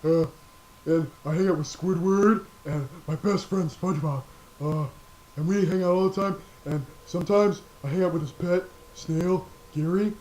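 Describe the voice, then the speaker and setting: Dim, good-natured cartoon starfish, slow dopey rambler, highish voice, man impersonating. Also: a little mellow, lightly acted, poor audio.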